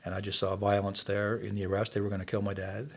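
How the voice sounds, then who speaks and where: An older man from Canada tells his personal testimony in a relaxed interview, speaking earnestly and at a brisk clip. His voice sits somewhat low, and he lets the story carry him along. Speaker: podcast guest.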